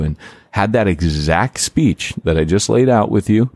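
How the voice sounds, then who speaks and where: Deep-voiced man, animated podcast host. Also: measured pace, dry recording, clean studio sound. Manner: animated, filler-heavy, lots of "like" and restarts. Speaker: podcast host and church planter. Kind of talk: casual podcast chat.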